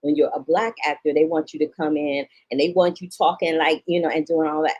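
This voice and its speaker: A woman with a low speaking voice hosts a relaxed film review podcast. She is from St. Louis, Missouri, and talks emphatically. She keeps dropping slangy asides straight to her listeners. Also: a little fast, highs cut off. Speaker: film critic and podcast host. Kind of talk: casual film review chat.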